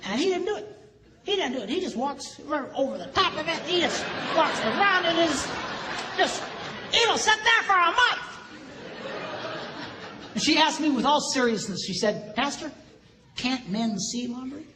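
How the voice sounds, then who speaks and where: A high-pitched, very lively middle-aged man tells funny stories on stage as a pastor, acting out every voice. His voice rings through a large hall with a long reverb. Audience sounds are clearly heard behind him. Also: normal speed, pauses often, over a noisy crowd. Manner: animated storyteller, acts out dialogue, sudden high squeaks. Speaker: pastor and speaker. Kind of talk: humorous stage talk to an audience. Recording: echoey hall recording with audience noise.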